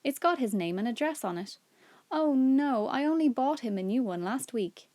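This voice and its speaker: A woman's voice: on the high side, expressive, normal speed, a little mellow, dry recording, voice pushed up, lightly acted. Woman reading as a fierce tomboy girl, raised urgent voice, storybook, dry sound. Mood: upset.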